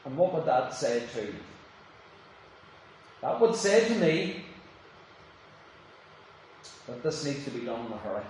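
A man preaching a sermon, dramatic, acting out the voices he quotes and dropping from loud to hushed. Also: mid-range voice, big pitch swings, measured pace, pauses often. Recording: very echoey, from far off the mic, faint noise.

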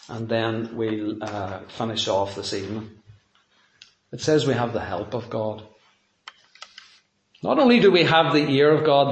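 A man's voice: mid-range voice, roomy sound, a little hiss or hum, low-quality recording. A man preaching a sermon in a conversational way, telling personal anecdotes.

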